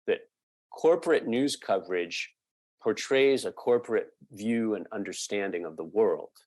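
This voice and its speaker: A man being interviewed as a guest, explaining a point at length with frequent pauses and fillers. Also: on the low side, lively intonation, darkish tone, dry recording. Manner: thoughtful, halting with many fillers. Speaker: podcast guest, media researcher.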